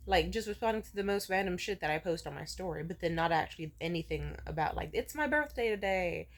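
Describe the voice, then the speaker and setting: A woman's voice: fairly low pitch, fairly even intonation, quick pace. A woman in her twenties telling a personal story in a casual vlog, emotional and profane as she rants. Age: 20s. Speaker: vlogger.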